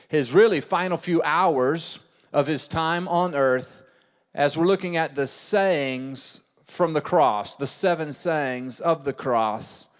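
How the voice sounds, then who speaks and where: A man's voice: fairly high pitch, big-room sound. A male pastor preaching a sermon, emphatic and given to repeating key phrases. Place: church auditorium.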